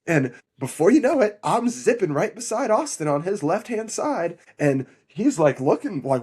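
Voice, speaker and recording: A young man, the older brother, telling a story in a lively way with frequent laughs. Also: fairly high pitch, normal speed, breathy edge. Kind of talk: casual storytelling.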